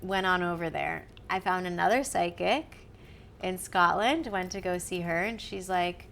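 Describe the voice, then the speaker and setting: Podcast guest, female, slightly low voice, animated and giggly storyteller, faint hiss behind. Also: a little slow, gravelly. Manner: animated, laughs often, acts out quotes. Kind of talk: casual storytelling chat.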